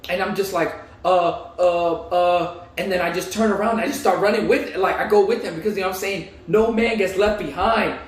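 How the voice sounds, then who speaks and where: A man's voice: high-pitched, fast, hardly any pauses. Young man telling a story in an echoey room. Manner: animated, repeats himself and uses slang. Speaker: vlogger. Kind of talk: casual storytime. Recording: echoey room, voice a bit far from mic.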